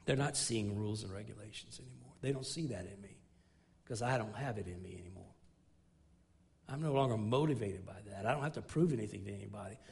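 A middle-aged pastor with a creaky, darkish voice preaches at a quick pace and in an earnest manner. He builds emphasis by repeating and restarting phrases, dropping low when he tells a story.

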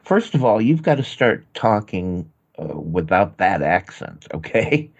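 An American man guesting on a podcast, acting in an improvised comedy sketch with an anxious, expressive delivery. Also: low-pitched, unhurried, husky, muffled recording.

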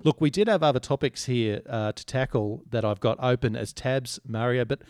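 A man with an Australian accent co-hosting a podcast, chatting in a relaxed, rambling way with dry humour. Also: mid-range voice, normal speed, no room sound. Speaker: podcast co-host. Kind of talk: casual chat.

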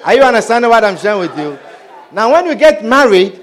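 A male preacher with a high, sing-song voice that swoops up and down as he talks. He preaches with animated energy and keeps checking in with his listeners, asking whether they understand. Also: moderate pace. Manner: animated, repeatedly asks "Do you understand?". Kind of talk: sermon.

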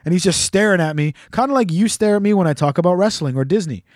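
A man's voice: high-pitched, lively intonation, quick pace, a little mellow, dry recording, clean studio sound. A man hosting a casual chat, telling a rambling, profane, jokey story. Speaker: podcast host.

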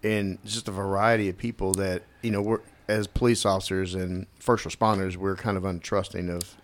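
A man's voice: low-pitched, little pitch movement, normal speed. A man hosting an interview, asking long, searching questions that restart as he goes. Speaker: podcast host, first responder.

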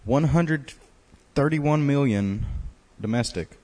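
A man's voice: medium pitch, takes it slowly, darkish tone. A young man co-hosting a podcast in casual chat, dropping dry, sarcastic quips. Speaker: podcast co-host.

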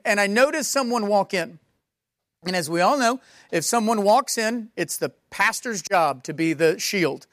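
A man's voice: sits high, a bit bright, dry recording. Man pastor telling a story, dry sound. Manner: conversational, many fillers and restarts. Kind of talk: sermon storytelling.

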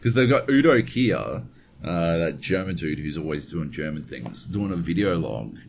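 A man's voice: deep voice, lively intonation, moderate pace, creaky. A man co-hosting a podcast, rambling casually and swearing freely as he talks into a webcam setup. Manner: profane, rambling, digressive. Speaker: podcast co-host. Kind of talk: casual chat. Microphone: webcam setup at home desk.

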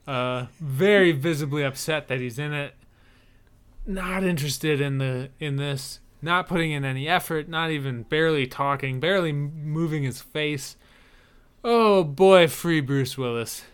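A man's voice: fairly high pitch, measured pace, smooth. A man co-hosting a podcast in casual chat, wry and chuckling as he reads out listener emails. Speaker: podcast co-host.

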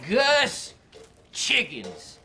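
A man putting on the voice of a cranky old-timey male prospector, high and cracked. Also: wildly swooping pitch, drawn-out words, pushed and bright, exaggerated voice. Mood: hollering.

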